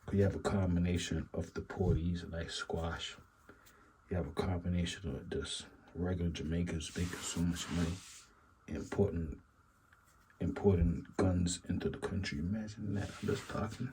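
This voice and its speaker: A man with a very deep, mellow voice talks through a casual reaction commentary. He rambles and muses, circling back to the same asides over and over. A faint background hiss sits under his voice. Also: steady tone, normal speed, rough recording. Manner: rambling, repeats stock phrases, musing asides. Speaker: commentary channel host.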